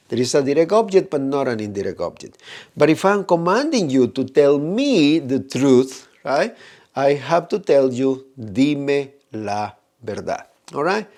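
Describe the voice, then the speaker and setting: A man, teaching a grammar lesson and often checking in with "right?" while he slowly draws out the examples. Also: fairly high pitch, a little mellow. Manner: explanatory, frequent "right?" checks, slow drawn-out Spanish examples. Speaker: Spanish teacher.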